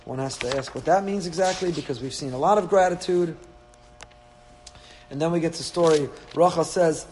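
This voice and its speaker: Rabbi, male, slightly high voice, lively lecture with dry asides, echoey hall, faint hum. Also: moderate pace. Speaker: rabbi teaching a Torah class. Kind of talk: Torah class lecture.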